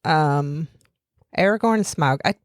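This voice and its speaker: Giggly woman with a lowish voice. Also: no room sound, clean studio sound. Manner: giggly, scattered, quick tangents. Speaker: podcast co-host. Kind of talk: casual chat.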